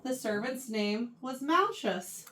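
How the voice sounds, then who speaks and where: A woman's voice: on the high side, lively intonation, slow, pushed and bright. A woman leading a casual Bible study for teenagers, reading scripture aloud, then retelling it in everyday words and checking in with questions. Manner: chatty, keeps checking in with questions. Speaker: youth Bible study teacher. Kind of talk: casual Bible lesson to teens. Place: church. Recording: voice picked up from a distance.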